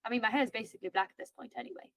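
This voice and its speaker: A woman's voice: on the high side, very fast, fairly bright tone, no echo. A woman player chatting playfully and a little dramatically at a tabletop game. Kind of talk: casual chat at a tabletop game.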